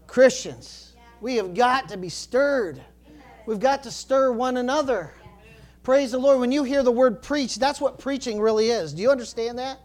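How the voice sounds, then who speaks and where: High-voiced fervent preacher man. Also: normal speed. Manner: rising to fervent shouting when stirred, dropping low for emphasis; peppers talk with praise the Lord and glory to God. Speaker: pastor. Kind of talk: sermon.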